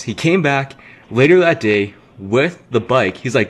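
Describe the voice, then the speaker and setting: Young man, casual animated storyteller for game commentary. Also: mid-range voice, a little slow, slightly rough. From Canada. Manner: animated, acts out quotes, swears freely. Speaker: gaming commentator.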